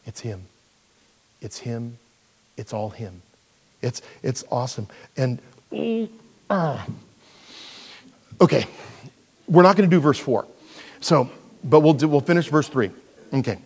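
Man teaching scripture, chatty and animated. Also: medium pitch, slow pace, long pauses, slightly rough. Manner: conversational, animated, with self-deprecating asides. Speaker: pastor. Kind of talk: verse-by-verse Bible teaching.

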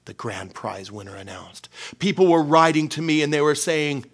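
A man preaching a storytelling sermon, animated and self-mocking, acting out dialogue with big swings and dropping to hushed near-whispers in prayer. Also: a little high, moderate pace.

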